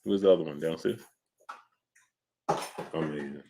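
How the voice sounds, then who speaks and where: A man's voice: very deep voice, unhurried, creaky, background noise. A man hosting a boxing talk live stream, chatting casually and greeting viewers by name. He rambles loosely, with many fillers and restarts. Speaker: boxing talk show host.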